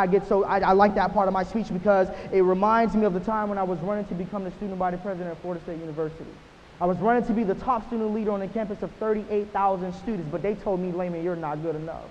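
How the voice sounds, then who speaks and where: A young man in his twenties delivers a motivational keynote in a high voice. He is punchy and repetitive, often checking in with "right?" His voice sounds dull and echoes through a large hall, with faint hiss behind it. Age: 20s. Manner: punchy, repeats phrases and asks "right?". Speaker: motivational speaker.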